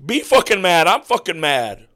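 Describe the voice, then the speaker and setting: A man ranting angrily as a sports fan podcaster, swearing constantly and breaking into yelled outbursts. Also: sits high, big pitch swings, moderate pace. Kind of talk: angry profane rant while watching a game.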